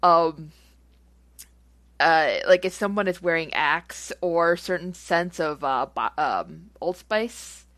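Rambling, giggly low-voiced woman. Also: lively intonation, takes it slowly, a bit bright, no room sound. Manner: rambling and giggly, with many fillers. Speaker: audio creator answering listener questions. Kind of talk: casual chat.

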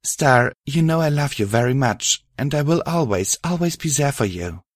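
Man doing a soft-spoken loving mare, reassuring, higher voice, dry close sound. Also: lively intonation, moderate pace, dry recording, close to an everyday voice. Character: gentle caring female pony, a loving partner.

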